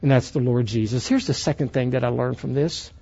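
A man preaching a sermon to a youth conference, emphatic and preacherly, swinging between loud passages and hushed ones. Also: medium pitch, a little fast, vocal fry, slightly rough, muffled recording.

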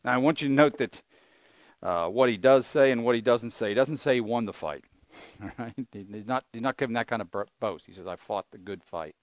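A man's voice: medium pitch, brisk, no echo. Earnest older man preaching a sermon. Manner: earnest, conversational preaching with rhetorical questions. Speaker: pastor.

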